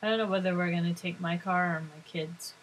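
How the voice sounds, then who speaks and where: Middle-aged woman just rambling on about life, chatty, kinda low voice, laughs a lot. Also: fairly even intonation, a little fast, poor audio. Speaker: vlogger. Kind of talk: casual rambling chat.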